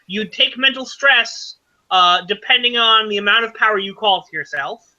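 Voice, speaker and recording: High, bright-voiced game master. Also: male voice, lo-fi sound. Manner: halting, many fillers and self-corrections. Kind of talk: narrating a tabletop game.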